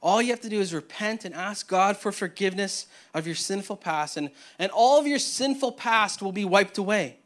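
Pastor guy with a high voice, preaching casual and energetic, lots of restarts. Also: moderate pace, few pauses. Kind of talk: sermon.

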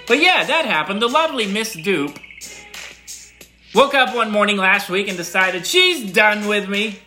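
A middle-aged man sending a casual, rambling voice message to a show, talking in an animated, emphatic way and repeating words for effect. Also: high-pitched, a little slow, faint music behind.

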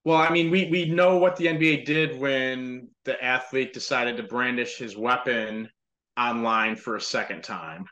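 Bright-voiced male podcast guest. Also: mid-range voice, fairly even intonation, moderate pace, rough recording. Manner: brief dry replies, short agreements. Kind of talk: casual sports chat.

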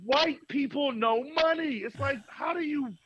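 A man who is a pastor, telling stories as an interview guest in an animated way, laughing often. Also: very high-pitched, a little slow, dull audio.

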